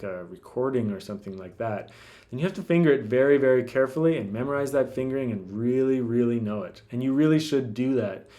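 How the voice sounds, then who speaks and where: A man teaching classical guitar in a relaxed, casual way, thinking aloud with lots of fillers and restarts. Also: medium pitch. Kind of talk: casual instructional talk.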